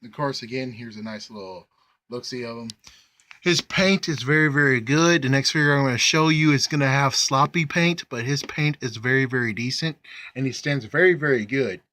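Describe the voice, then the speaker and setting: Young male toy reviewer, casual and rambling, lots of asides, average pitch. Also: moderate pace, pushed and bright. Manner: chatty and rambling, many fillers and asides.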